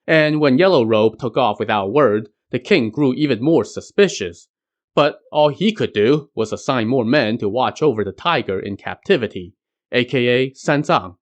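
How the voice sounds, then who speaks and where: A man's voice: medium pitch, lively intonation, normal speed. A man hosting a podcast, narrating a folk tale with wry conversational asides. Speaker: podcast host. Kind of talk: storytelling narration.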